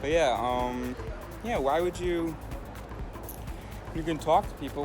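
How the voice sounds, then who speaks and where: A man talking casually to camera as a hitchhiking vlogger, rambling and thinking aloud with many pauses. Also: medium pitch, expressive, music in the background. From United States. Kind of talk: casual vlog talk to camera.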